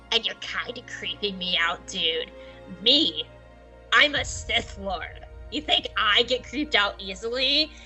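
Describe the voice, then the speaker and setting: A woman's voice: a little high, pushed and bright, heavily acted, low-quality recording. A woman voicing an exasperated old male evil emperor who talks in a casual, dismissive drawl.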